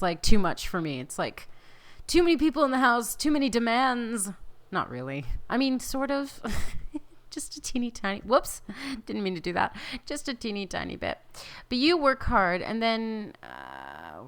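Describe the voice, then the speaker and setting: A chatty young woman plays a life-simulation game and talks over it. She reads the on-screen text aloud, coaxes her little characters and laughs often, in a relaxed, offhand way. Her voice sits at a middle pitch for a woman. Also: clean tone. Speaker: let's play host. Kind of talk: casual gameplay commentary.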